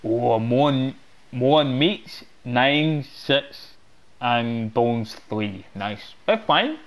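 A man hosting a gaming channel, chatting through a walkthrough in loose, halting English and getting excitable as he plays. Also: medium pitch. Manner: loose, halting non-native English phrasing. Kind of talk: gameplay walkthrough commentary.

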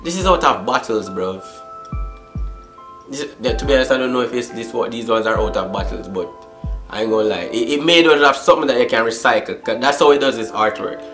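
A man's voice: mid-range voice, brisk, a bit bright. Young guy vlogging, hyped slangy talk, swears a lot, faint music behind. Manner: hyped slangy chatter with repeated catchphrases; swears freely. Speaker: YouTube vlogger. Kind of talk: casual vlog unboxing.

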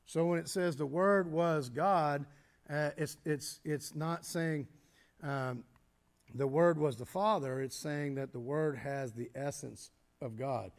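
A man teaching a church Bible study, explaining step by step, posing questions and answering them himself, with frequent halting restarts. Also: fairly high pitch. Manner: halting restarts, clears throat.

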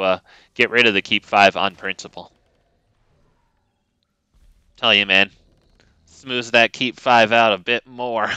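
Male streamer, casual gameplay commentary, sarcastic and joking, very bright crisp voice, dry close sound. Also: fairly low pitch, no echo, poor audio. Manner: joking, sarcastic, rambling with chat. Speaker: game streamer.

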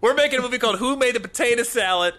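A man's voice: very high-pitched, very fast, sharp tone. A man hosting a comedy podcast, joking, swearing and laughing a lot in casual chat.

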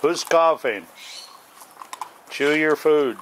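Man, slow-talking dog owner, coaxing voice, camera mic outdoors with faint noise. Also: fairly high pitch, fairly bright tone. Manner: talks to the dogs in a raised, coaxing voice. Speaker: dog owner filming puppies. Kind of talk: casual talk to puppies while filming.

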